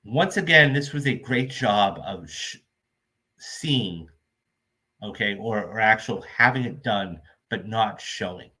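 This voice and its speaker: A man's voice: on the low side, pushed and bright. A man hosting a film review show, retelling movie scenes in a rambling, casual recap full of "okay?" check-ins.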